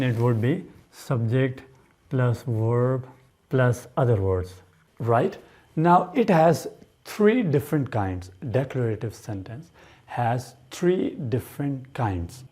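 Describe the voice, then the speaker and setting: A man's voice: mid-range voice, mellow. A man teaching an English grammar lesson, drilling points by repeating them and answering his own questions.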